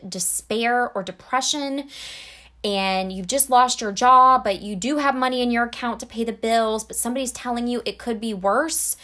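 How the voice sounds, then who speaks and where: A woman with a fairly high voice talks straight to the camera in a relaxed, conversational way. She is earnest and explains her points with everyday examples. She fills pauses with small fillers as she goes. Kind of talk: casual talk to camera.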